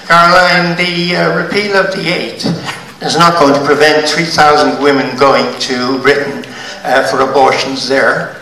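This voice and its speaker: An older man, asking an emphatic, halting question from the floor at a public debate. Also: fairly high pitch, flat delivery, pushed and bright, slight background noise. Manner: emphatic, halting, stresses words. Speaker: audience member asking a question. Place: large hotel function room. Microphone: handheld mic passed through audience. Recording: echoey room, voice from far off.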